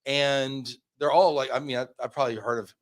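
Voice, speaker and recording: A man's voice: medium pitch, fairly even intonation, brisk. A man hosting a casual livestream interview, upbeat, reading out viewer comments and laughing easily. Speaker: show host.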